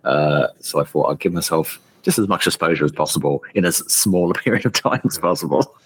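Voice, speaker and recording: Deep husky man, podcast co-host. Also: a little fast, fairly bright tone, no room sound. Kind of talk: casual chat.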